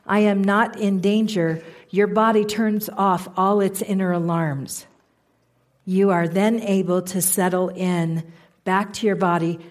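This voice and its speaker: A middle-aged woman giving a motivational talk to a live audience. She is expressive, asks the audience questions and acts out inner voices. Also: medium pitch. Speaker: speaker.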